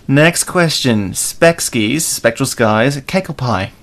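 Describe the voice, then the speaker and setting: A man hosting a casual podcast chat, playful and quick to laugh. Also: medium pitch, animated, fairly bright tone. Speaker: podcast host.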